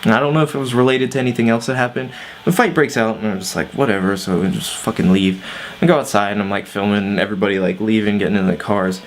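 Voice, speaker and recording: A man's voice: lowish voice, quick pace, slight background noise. A man casually telling a personal story on his vlog, laid-back with lots of fillers and swearing. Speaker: vlogger.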